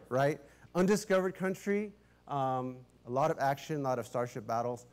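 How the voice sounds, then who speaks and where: A middle-aged man preaching as a pastor, telling a story in a chatty, animated way, often restarting his sentences and laughing. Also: mid-range voice, measured pace. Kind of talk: casual storytelling sermon.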